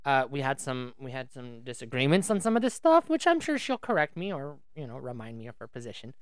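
A chatty woman co-hosting a podcast who rambles and restarts her sentences. Her voice swings widely in pitch and sounds smooth and clear. The recording is dry and close to the mic. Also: big pitch swings, a little fast, no room sound. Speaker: podcast co-host. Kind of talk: casual podcast chat. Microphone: studio microphone.

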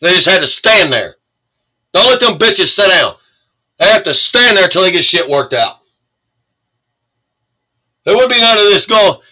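Reading the news aloud, this American man swears his way through an angry, sarcastic political rant. He speaks at a normal speed with long pauses, his high, expressive voice bright and forceful, though the audio is poor.

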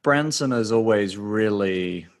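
A man from England hosts a casual interview with a lowish voice. He asks questions and drops short, encouraging remarks. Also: animated, takes it slowly. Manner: friendly, short encouraging replies. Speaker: podcast host.

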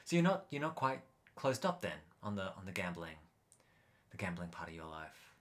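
A man hosting a comedy sketch, answering deadpan with short "oh" reactions. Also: low-pitched, normal speed. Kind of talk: improvised comedy radio sketch.

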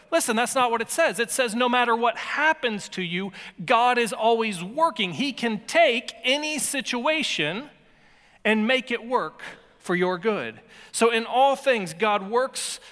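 A man's voice: very high-pitched, sing-song, measured pace, pushed and bright, long reverb tail. A male pastor preaching a sermon with emphasis, repeating words and dropping in playful asides.

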